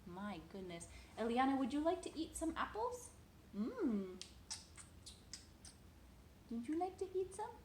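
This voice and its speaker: A woman's voice: sits high, sing-song, slow, long pauses, reverberant, background noise. A woman reading a children's picture book aloud at home, sing-song and playful, talking to a toddler between pages.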